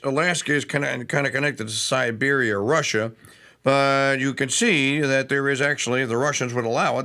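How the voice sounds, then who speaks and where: A male talk show host with a gravelly voice delivers opinionated political commentary. He makes sarcastic asides. His tone is bright and forceful. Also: mid-range voice.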